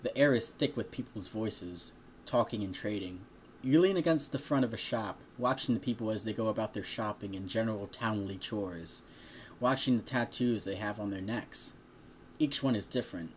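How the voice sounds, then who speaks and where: A man's voice: on the low side, a little hiss or hum. A man casually reading a fan story aloud, chatty and stopping now and then to joke about the text. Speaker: fanfiction reader.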